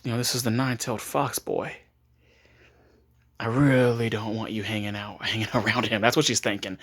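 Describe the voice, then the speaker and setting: A man's voice: medium pitch, a bit bright. A man casually making up and retelling a story, rambling with frequent restarts and chuckles.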